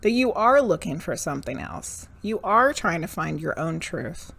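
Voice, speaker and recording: A woman's voice: on the low side, sing-song, normal speed, vocal fry, fairly bright tone, husky. A woman giving tarot readings on a live stream, frank and profane, ranting and then laughing at herself. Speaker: medium and tarot reader.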